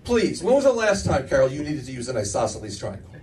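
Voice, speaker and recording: A man's voice: medium pitch, big pitch swings, fast talker, recorded from a distance. A middle-aged man doing a stand-up routine, telling brash, profane stories with self-mocking asides. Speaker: stand-up comedian. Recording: faint room noise, mic from afar.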